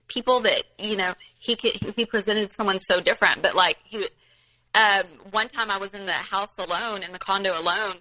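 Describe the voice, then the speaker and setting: A woman's voice: medium pitch, bright, forceful tone, poor audio. A woman recounting her own experience as a guest in casual storytelling, rambling with many fillers and restarts.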